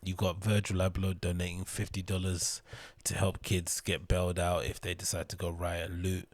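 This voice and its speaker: A man's voice: deep voice, husky, no echo. A young man hosting his own show, rambling casually about the news, swearing freely and joking as he goes. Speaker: podcast host.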